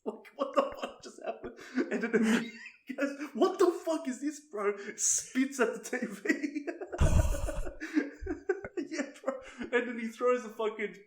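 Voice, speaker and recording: A young Australian podcast co-host with a high, slightly bright voice tells a crude story through laughter, swearing constantly in casual chat. He speaks at a measured pace, his voice echoing around the room over a slight hiss or hum.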